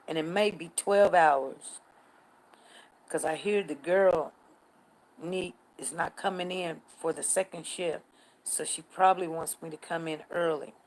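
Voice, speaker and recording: A woman's voice: fairly low pitch, low-quality recording. Chatty older woman hosting a livestream. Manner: chatty, answers viewers by name. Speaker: livestream news host. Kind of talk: casual live chat reading comments.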